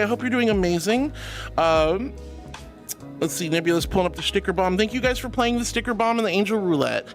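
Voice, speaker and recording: Guy streamer w a high bouncy voice, sweet-talks chat, soft music behind. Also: expressive, moderate pace. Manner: affectionate, calls viewers sweetie and honey. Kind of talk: live stream chat reading.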